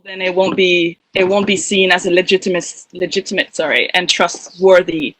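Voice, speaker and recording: A woman's voice: on the low side, steady tone, normal speed, a bit bright, low-quality recording. A woman activist speaking on a panel, rambling a little with fillers and restarts. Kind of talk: casual spoken talk on a panel.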